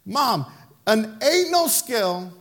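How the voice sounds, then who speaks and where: Man voicing an impatient boy. Whiny, exasperated, high. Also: sing-song, takes it slowly, fairly bright tone, exaggerated voice. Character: impatient, frustrated boy at the piano.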